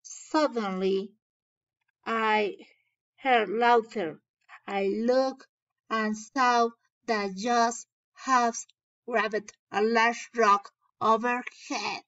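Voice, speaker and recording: Slow woman teacher reading aloud. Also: a little high, fairly even intonation, fairly bright tone, muffled recording. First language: Spanish. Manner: slow, explaining and translating into Spanish. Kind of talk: reading a story aloud to children.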